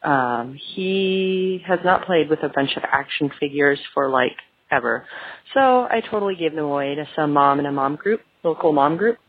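Woman caller, self-deprecating voicemail, low husky voice, tinny phone line. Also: animated, moderate pace, no room sound. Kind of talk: voicemail confession.

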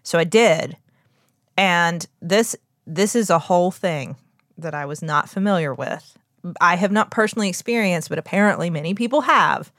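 Chatty woman podcaster, low voice. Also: moderate pace, fairly bright tone, dry recording, clean studio sound. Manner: chatty, laughing storyteller with fillers. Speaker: podcast co-host. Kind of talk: casual podcast chat.

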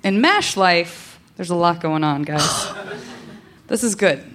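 A woman's voice: on the low side, lively intonation, takes it slowly, a bit bright. A woman hosting a live podcast, playful and teasing, laughing between lines. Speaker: podcast host. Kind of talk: casual chat on stage. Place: live podcast stage before an audience.

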